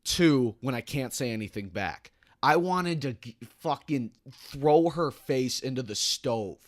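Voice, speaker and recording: A man's voice: mid-range voice, animated, a little slow, dry recording, studio quality. A young man, telling a heated, profane work story as a podcast co-host. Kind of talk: casual podcast chat.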